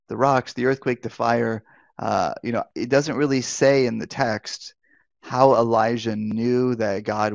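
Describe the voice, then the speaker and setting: A man who is a pastor and life coach teaches in a live online Bible talk, speaking conversationally, restarting phrases, and posing rhetorical questions. His voice is mid-range and gravelly, and the audio is dull with no echo.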